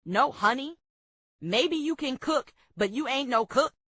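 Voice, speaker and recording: A woman reading aloud voices a blunt, motherly cook with a Southern accent, drawling slowly. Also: high voice, animated, a bit bright, dry recording, full character voice. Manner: slow, drawling and earthy.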